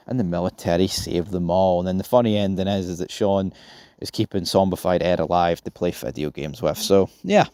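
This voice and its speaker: A man's voice: fairly low pitch, darkish tone, no room sound. A young man giving a casual, rambling film review, swearing and talking offhand. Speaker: movie reviewer.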